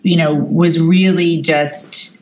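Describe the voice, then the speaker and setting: Slow, deep-voiced woman on a dull line. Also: steady tone, a little mellow. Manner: measured, many "you know" fillers. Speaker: business coach guest. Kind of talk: reflective interview answers.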